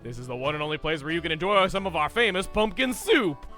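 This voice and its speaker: Guy putting on a loud bossy pub owner, scolding, fake southern twang, high and swingy, game music behind. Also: sing-song, quick pace. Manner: stern, scolding, folksy attempt at a southern drawl. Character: gruff middle-aged male pub owner, bossy and protective.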